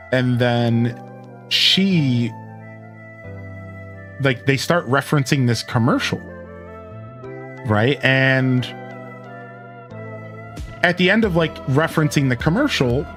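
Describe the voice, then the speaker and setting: A young man streaming a game, chatting casually and retelling a story with lots of fillers. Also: medium pitch. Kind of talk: casual chat while playing.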